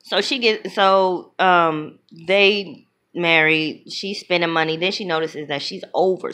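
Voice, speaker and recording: A woman casually retelling a film's plot as a reviewer, blunt and opinionated, slipping into quick voices for the characters. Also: fairly low pitch. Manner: animated, acts out characters' lines in quick voices. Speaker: movie reviewer.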